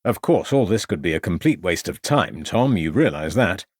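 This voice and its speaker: A man reads a stern Victorian detective inspector in an audiobook, brisk and authoritative. The voice sits low but rises and falls sharply, recorded close and dry. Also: sing-song, no echo.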